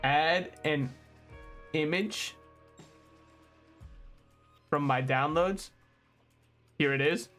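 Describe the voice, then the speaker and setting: Animated young male streamer, high-pitched. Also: soft background music. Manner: animated ranting, quick asides, frequent laughter. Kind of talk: casual gaming stream chat.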